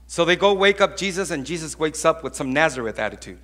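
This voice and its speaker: A man preaching a sermon as pastor, telling stories in an animated, conversational way with acted-out voices. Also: on the high side, fast. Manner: conversational, with frequent restarts.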